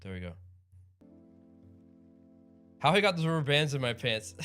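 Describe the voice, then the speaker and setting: A man's voice: medium pitch, fairly bright tone. A man hosting a livestream in casual chat, rambling and upbeat with frequent chuckles. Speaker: livestream host.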